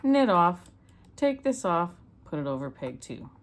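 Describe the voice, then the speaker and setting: A woman's voice: on the low side, very animated, a little slow. Chatty woman talking through loom knitting. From Canada. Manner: chatty, homey, talks step by step while working. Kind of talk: hands-on craft tutorial.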